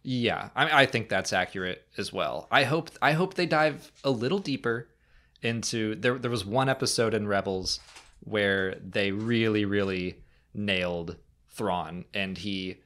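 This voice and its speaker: A man co-hosting a casual fan podcast, talking through questions and often slipping into quick, playful impressions. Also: lowish voice. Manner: animated, jumps into funny impressions. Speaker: podcast co-host.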